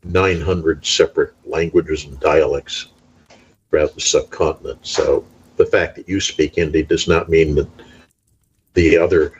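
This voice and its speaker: A man chatting in a relaxed, easygoing way over a muffled remote line with a faint hiss. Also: extremely low pitch, unhurried. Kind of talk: casual conversation.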